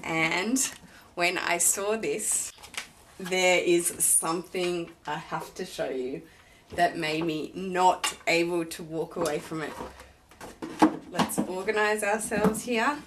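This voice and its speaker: A woman's voice: fairly low pitch, takes it slowly, noisy background. A woman vlogger unboxing a luxury handbag, talking in a gushing, effusive way about every detail.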